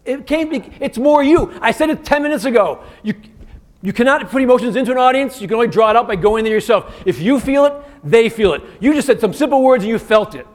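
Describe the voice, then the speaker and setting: A man giving an interactive keynote as a communication coach, energetic and firing quick commands at the audience. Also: extremely high pitch. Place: conference stage in a large hotel venue.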